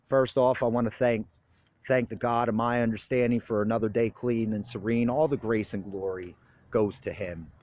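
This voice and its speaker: An earnest young man in recovery speaks his heart in a blunt, casual, street-flavored monologue, swearing freely. His voice sits at an ordinary middle pitch, with a faint hiss of noise under it. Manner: plain-spoken, open about his feelings.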